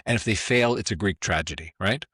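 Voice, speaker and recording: A man's voice: on the low side, fairly quick, a bit bright, husky, dry recording. A middle-aged man, a former film executive, telling stories as a podcast guest with enthusiasm, acting out quotes and often asking "right?". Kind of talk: animated storytelling conversation.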